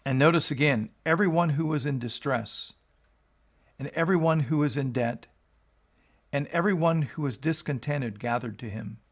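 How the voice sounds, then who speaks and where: Gravelly-voiced male pastor teaching scripture. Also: medium pitch. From United States. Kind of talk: scripture reading and exposition.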